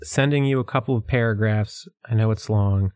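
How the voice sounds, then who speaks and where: A man's voice: lowish voice, moderate pace, a little mellow, no room sound, clean studio sound. Sarcastic man co-hosting a podcast. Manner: sarcastic, laughs often. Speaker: podcast co-host. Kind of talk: casual conversational critique.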